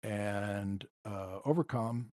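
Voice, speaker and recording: A man's voice: fairly low pitch, slow pace, darkish tone, dry recording. A man appears as a guest musician in a podcast interview. He tells personal stories in a reflective, emotional way. The recording is dry and close. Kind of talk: storytelling interview.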